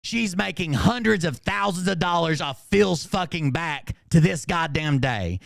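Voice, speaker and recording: A man's voice: on the high side, animated, measured pace, gravelly, a bit bright, dry recording, studio quality. A man hosting a livestream, ranting in an angry, combative way and swearing constantly. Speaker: channel host.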